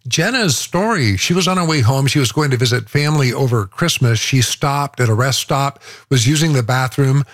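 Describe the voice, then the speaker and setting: A male radio host sets up a listener's story in a relaxed, conversational tone. His voice sounds dry and close to the mic. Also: mid-range voice, moderate pace, hardly any pauses, dry recording. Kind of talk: radio segment narration.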